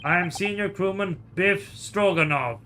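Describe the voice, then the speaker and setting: A man voicing a gruff, burly male sailor who speaks rude, clipped broken English. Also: sits high, a little slow, sharp tone, a little hiss or hum.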